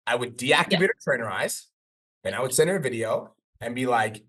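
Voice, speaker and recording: A man's voice: mid-range voice, quick pace, few pauses, breathy edge. A man hosting a casual podcast as a business coach, talking bluntly, swearing often and acting out his stories. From Canada. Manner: blunt, swears constantly, animated storytelling.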